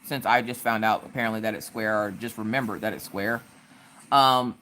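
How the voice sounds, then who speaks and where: A woman's voice: very deep voice, normal speed, a bit bright, slight background noise. A woman who is a mother, chatting casually on a live stream while crafting, reading viewer messages aloud and answering with stories.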